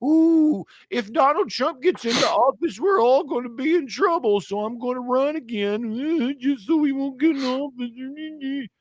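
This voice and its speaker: A man's voice: very high voice, unhurried, few pauses, dry recording, pitched above the performer's own voice, rough recording. A man putting on a mocking, whiny impression of an old male president.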